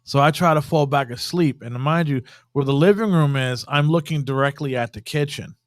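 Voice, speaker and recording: A man's voice: on the high side, moderate pace, no echo, studio quality. A man telling a story in a casual podcast chat, rambling and swearing a lot. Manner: profane, rambling, animated storyteller. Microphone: podcast studio mic.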